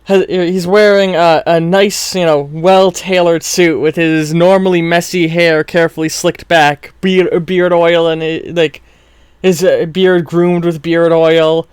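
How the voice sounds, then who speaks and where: A man's voice: a little high, level tone, unhurried, clear, resonant tone, no room sound. Brief: man game master narrating, trips over words and mocks himself, resonant tone, dry close sound. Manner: stumbling, self-mocking, chuckling. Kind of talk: narrating a role-play story.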